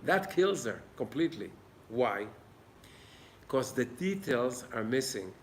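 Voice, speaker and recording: A man's voice: mid-range voice, lively intonation, takes it slowly, slight background noise. A man giving an informal Torah class in an old synagogue, earnest and plain-spoken. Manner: earnest, plain-spoken, acts out little dialogues. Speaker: Torah teacher.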